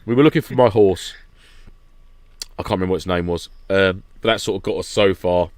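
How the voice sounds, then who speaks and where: A man with a fairly low voice tells a long, rambling story and laughs his way through it in a relaxed podcast chat. The sound is dry and close to the mic. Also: a little fast, no echo. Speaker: podcast guest regular recounting an event. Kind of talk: casual chat.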